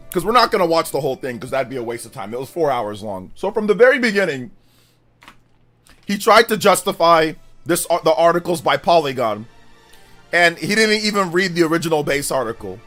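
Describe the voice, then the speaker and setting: A man hosting a live stream, his voice pitched high and swinging widely as he rants. He talks in quick, mocking bursts, with faint music playing underneath. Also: very animated, fairly bright tone. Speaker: streamer host. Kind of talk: live stream commentary chat.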